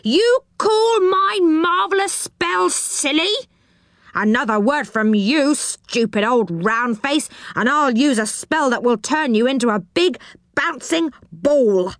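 A woman voicing a grumpy, boastful male goblin who sells spells, gruff and quick to rage. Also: fairly high pitch, sing-song, dry recording, studio quality, voice pushed up. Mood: furious.

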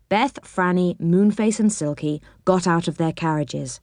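A woman reading a children's storybook aloud with expressive, animated narration. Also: on the low side, measured pace, no room sound, studio quality.

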